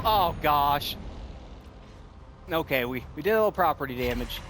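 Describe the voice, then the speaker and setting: A fairly high-voiced man talks his way through a tense match, breathless and excitable, cheering and groaning at the screen. Faint game music plays behind him. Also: measured pace, pauses often. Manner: excitable, laughs often, talks to himself and the game. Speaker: gaming streamer. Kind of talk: casual gameplay commentary.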